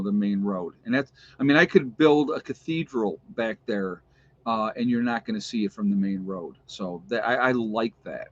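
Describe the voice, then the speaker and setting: A man with an upstate New York accent, rambling in a chatty, casual way to his viewers and laughing often. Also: mid-range voice. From New York State. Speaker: vlogger. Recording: dull lo-fi sound.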